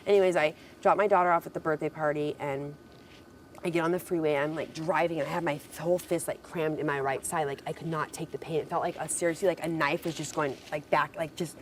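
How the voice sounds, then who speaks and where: Low-voiced woman rambling through a story. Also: fairly even intonation, fast talker, slight background noise. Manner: rambling storytelling with many "like" and "I'm like" quotes. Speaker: reality show contestant. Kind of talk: casual private conversation.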